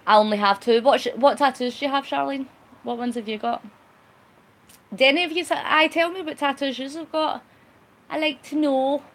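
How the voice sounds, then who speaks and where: A woman hosts a relaxed live-stream chat, answering viewer comments one by one. Her voice sits somewhat high for a woman. She is talkative and a little cheeky and laughs easily. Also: moderate pace. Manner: chatty and cheeky, laughs often. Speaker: vlogger.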